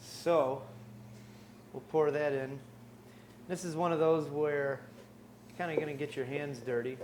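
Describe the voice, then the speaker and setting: There's a noisy background as a man with a high-side voice leads an on-air cooking demonstration in a studio kitchen. Unhurried and steady in tone, he explains the recipe step by step, keeping it upbeat and joking.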